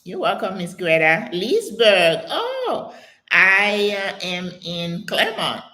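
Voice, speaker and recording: An older American woman hosting a live question-and-answer stream, reading viewer comments aloud and telling stories in a chatty, animated way. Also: lowish voice, slow. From United States. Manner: chatty, animated storytelling with exclamations and laughter. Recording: echoey room sound.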